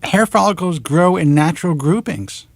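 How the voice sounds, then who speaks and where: A talk show host in his forties with a New York accent, worked up and exasperated as he rants into a close mic. His voice sits a touch high for a man. The sound is dry and close, with no room around it. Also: normal speed, gravelly, no echo. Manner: animated, exasperated, swears in clipped letters. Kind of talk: ranting monologue. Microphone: close studio mic.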